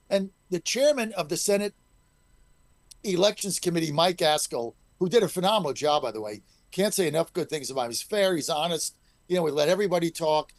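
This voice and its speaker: A middle-aged man whose voice sits high appears as a state legislator guest on talk radio, with no echo. The call-in interview finds him emphatic and combative.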